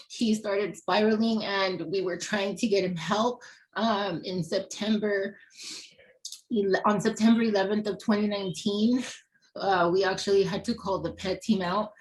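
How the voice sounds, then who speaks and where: Emotional woman giving halting personal testimony. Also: mid-range voice, poor audio. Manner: emotional, halting, with pauses and fillers; clears throat often. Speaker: family member speaking on a webinar panel.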